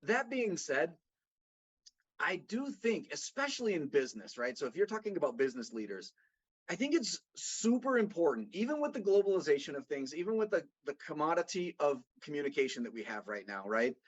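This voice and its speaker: Husky-voiced man from Boston. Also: on the high side, sing-song, a little fast. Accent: slight Boston, mostly neutral American. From Boston, USA. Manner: rambling storyteller, frequent restarts. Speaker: guest, consultant. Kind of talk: casual podcast conversation. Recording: dull lo-fi audio.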